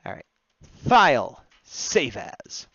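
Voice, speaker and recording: A man draws requests on a livestream, talking to viewers in a chatty running commentary and often laughing at his own jokes. His medium-pitched voice is sharp in tone and swoops wildly in pitch while he speaks slowly. There's no room sound, and the lo-fi audio is dull.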